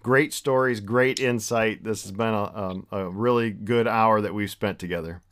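A man hosting an interview podcast, laughing along with his guest and signing off warmly. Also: lowish voice, fairly even intonation, moderate pace. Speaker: podcast host.

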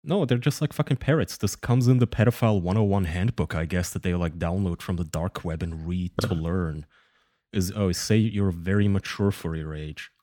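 A man's voice: deep voice, moderate pace, few pauses, mellow, dry recording, studio quality. A man co-hosting a podcast in casual chat, sardonic and loose, swearing casually. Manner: sardonic, swears casually, reads messages aloud. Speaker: podcast co-host.

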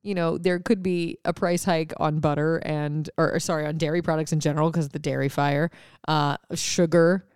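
A woman's voice: low voice, steady tone, a little mellow, clear, resonant tone, no room sound, studio quality. A young woman co-hosting a podcast, chatting casually about odd news with jokes and laughs. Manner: laughing, joking, quick asides. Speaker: podcast co-host.

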